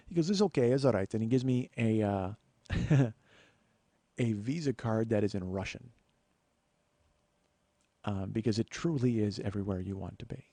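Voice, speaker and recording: A man's voice: fairly low pitch, creaky, warm tone, no echo. A man in his forties hosting a podcast, telling a long comic story with profane, self-deprecating asides. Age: 40s. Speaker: podcast host. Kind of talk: comedic storytelling monologue.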